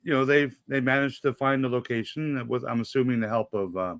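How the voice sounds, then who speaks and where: A man's voice: mid-range voice, fairly even intonation, fairly quick, fairly bright tone, dry recording, clean studio sound. A man co-hosting a casual after-show chat, rambling and retelling scenes. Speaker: podcast co-host.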